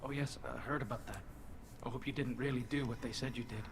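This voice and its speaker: A man's voice: mid-range voice, steady tone, quick pace, noisy background, close to an everyday voice. An actor voicing a hesitant, grateful young alien man in a video game. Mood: nervous. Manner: hesitant, stumbling.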